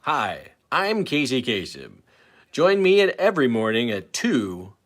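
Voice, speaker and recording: A man's voice: mid-range voice, wildly swooping pitch, unhurried. A man imitating a ranting radio countdown host. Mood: irritated rant. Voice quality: announcer delivery, turning to loud profane griping. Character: male radio countdown host, smooth then ranting angrily.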